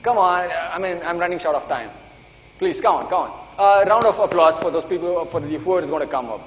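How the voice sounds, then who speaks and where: A man's voice: sits high, a little fast. A man giving a live conference talk, eager and urging the audience, calling for applause. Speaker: conference speaker. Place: conference hall. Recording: reverberant conference hall, faint noise.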